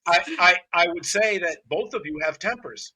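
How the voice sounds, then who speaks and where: A blunt man dog trainer hosting a casual podcast chat, with a forceful voice that is also rough and husky. He tells his stories animatedly and swears without holding back. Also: high voice, normal speed. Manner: blunt, animated storyteller who swears freely.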